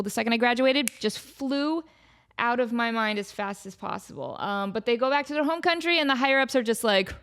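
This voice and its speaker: A woman hosting a comedic solo podcast, telling a rambling, animated story with lots of fillers. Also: a little high, clear, resonant tone. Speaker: podcast host.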